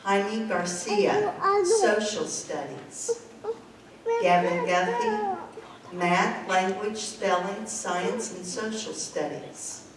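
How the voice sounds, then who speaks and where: A woman teacher reading out award winners and subjects in a slow, measured way at a school ceremony. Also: mid-range voice, very animated, a crowd in the background. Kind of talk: reading out a list of names. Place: school gym or hall. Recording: echoey hall, distant mic, room noise.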